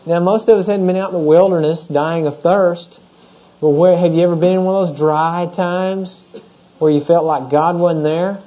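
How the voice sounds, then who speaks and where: A male pastor with a fairly high pitch and a dark tone preaches at a moderate pace. His expository sermon moves through scripture in a conversational style, and he often stops to ask the congregation questions; the recording sounds dull and lo-fi.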